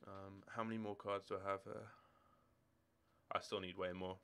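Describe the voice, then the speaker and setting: A man's voice: low-pitched, little pitch movement, moderate pace, a bit bright, clean tone. An eighteen-year-old man from Scotland, chatting casually on a game live stream in a rambling way, answering viewers' questions from his room at home. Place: home room with football shirts and drawers.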